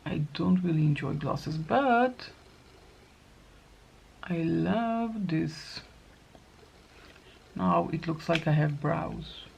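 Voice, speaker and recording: A woman's voice: sits low, lively intonation, very slow, creaky, long pauses, a little mellow, slight background noise. A middle-aged woman chatting casually through a get-ready-with-me makeup routine, thinking aloud as she applies each product. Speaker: makeup vlogger.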